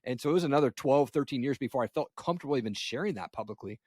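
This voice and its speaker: A man's voice: mid-range voice, animated, very fast, a little mellow, dry recording. Laid-back man host, dry sound. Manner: laid-back, reflective, says "man" often. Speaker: podcast host. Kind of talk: casual conversation.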